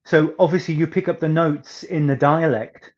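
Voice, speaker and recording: A man with a soft northeast English accent and a fairly high voice, telling chatty stories in an interview. His emphasis turns theatrical at times. The audio is slightly muffled and lo-fi. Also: fairly even intonation, normal speed. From northeast England. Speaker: singer guest.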